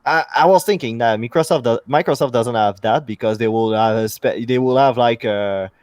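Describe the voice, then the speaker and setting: A man with a French Canadian accent, a native French speaker, chatting bluntly with swearing and halting fillers. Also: medium pitch, darkish tone, dry recording. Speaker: podcast co-host. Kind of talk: casual chat.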